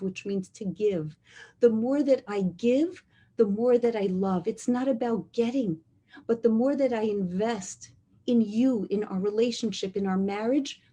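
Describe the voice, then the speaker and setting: A middle-aged woman giving an inspirational talk on relationships, earnest and emphatic, slowing down to repeat key phrases. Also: a little high, warm tone, husky. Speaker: speaker on relationships.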